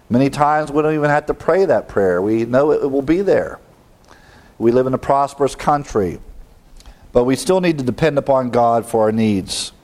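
A male preacher giving a verse-by-verse Bible teaching, reading passages aloud quickly and asking the listeners rhetorical questions in a conversational way. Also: medium pitch, a little mellow. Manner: reads scripture aloud quickly.

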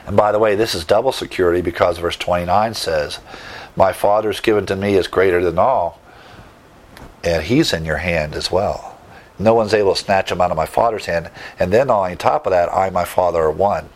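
A man's voice: low-pitched, normal speed. A man preaching a sermon, teaching verse by verse with emphatic asides and rhetorical questions. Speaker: pastor.

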